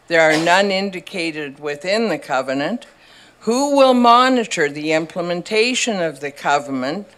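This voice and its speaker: A woman's voice: fairly low pitch, a bit bright. Pointed, questioning woman delegate. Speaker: public delegate at a council meeting. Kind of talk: reading a prepared statement. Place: council chamber.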